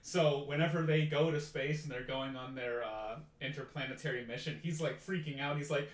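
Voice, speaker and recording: A man's voice: medium pitch, normal speed, recorded from a distance. A man co-hosting a casual podcast chat, retelling scenes with animation and laughing often. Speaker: podcast co-host. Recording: echoey room, off-mic.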